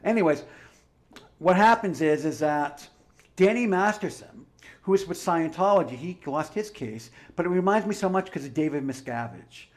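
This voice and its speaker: A man's voice: a little high, expressive, normal speed, darkish tone. Man ranting profanely on a livestream. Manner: sarcastic asides. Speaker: livestream commentator. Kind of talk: heated livestream monologue.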